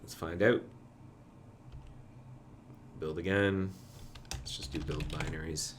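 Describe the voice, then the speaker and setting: A man's voice: extremely low pitch, steady tone, slow, a little hiss or hum. A man streaming himself coding, thinking aloud and muttering to himself in a casual way. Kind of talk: casual live-coding commentary.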